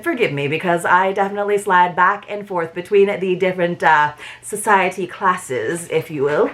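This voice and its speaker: A woman's voice: lowish voice, moderate pace, fairly bright tone. Chatty woman unboxing books. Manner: chatty and informal, with frequent 'like' and 'um'. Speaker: book box reviewer. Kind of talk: casual unboxing vlog.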